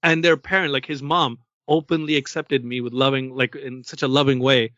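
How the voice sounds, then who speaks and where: A man from Canada co-hosting a podcast, telling a story casually and acting out the quotes with lively energy. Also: medium pitch, normal speed, dry recording, dull audio. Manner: animated storyteller who acts out quotes. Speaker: podcast co-host.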